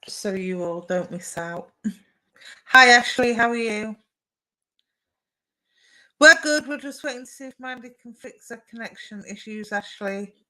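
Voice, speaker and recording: A young woman with a slightly high voice runs a laid-back live stream, speaking at a measured pace with frequent pauses; the audio quality is low. She gives psychic readings and answers viewer comments warmly, using plenty of fillers.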